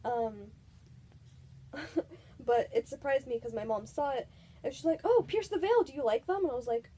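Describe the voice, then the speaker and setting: Chatty young woman vlogger, kinda high voice but mellow, lots of likes and ums. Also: normal speed, slight background noise. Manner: chatty, giggly, lots of filler words. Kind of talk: casual storytime.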